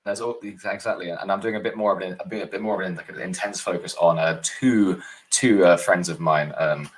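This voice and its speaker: A man with a very low voice talks casually about his writing projects. He rambles and halts, restarting his phrases often. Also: steady tone. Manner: rambling, halting, many restarts. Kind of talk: casual chat.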